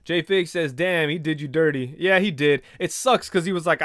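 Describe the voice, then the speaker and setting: A man's voice: on the high side, normal speed, few pauses, a bit bright, no room sound, studio quality. A man hosting a casual livestream, reading viewer comments and telling rambling stories with quoted back-and-forth. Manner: rambling storyteller, retells conversations in quoted voices. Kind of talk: casual chat.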